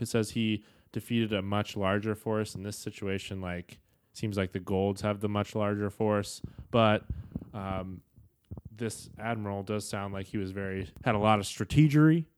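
A man in his thirties co-hosting a casual podcast, laughing often in a relaxed, nerdy way. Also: lowish voice, normal speed, clear, resonant tone, no echo, studio quality. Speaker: podcast co-host. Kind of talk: casual chat.

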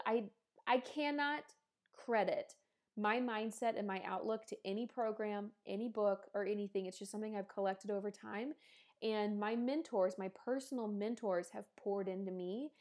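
A woman's voice: mid-range voice, a little mellow. A woman in her thirties hosting a podcast, answering listener questions in an earnest, rambling and emotional way. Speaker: podcast host. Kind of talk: casual listener Q&A monologue.

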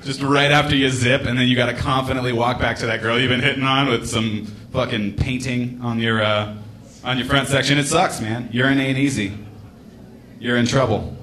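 A man's voice: medium pitch, steady tone, normal speed, a bit bright. A man in his late twenties doing a rambling, laid-back stand-up set in a comedy club, with casual swearing. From United States. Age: late 20s.

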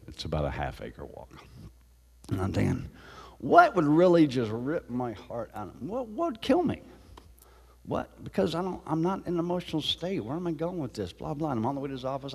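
A man telling animated stories as a guest, often laughing as he talks. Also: on the low side, in a large hall. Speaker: guest actor. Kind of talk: casual storytelling.

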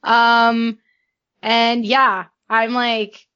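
A woman's voice: fairly high pitch, flat delivery, drawn-out words, pushed and bright, smooth. A woman playing in a tabletop game who introduces her character in a giggly, hesitant way. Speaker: player. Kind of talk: casual chat, introducing a character. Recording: dull lo-fi audio.

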